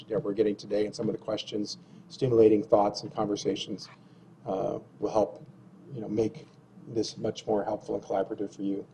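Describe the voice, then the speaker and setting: A man leading a public meeting discussion, asking long questions in a measured way. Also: lowish voice, dark tone, slight background noise, low-quality recording. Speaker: discussion facilitator.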